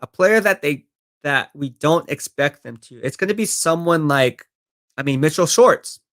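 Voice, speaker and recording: A man's voice: fairly high pitch, animated, moderate pace, a bit bright. A man live-streaming football talk, reading viewer comments and answering them in a confident, chatty way. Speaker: sports streamer.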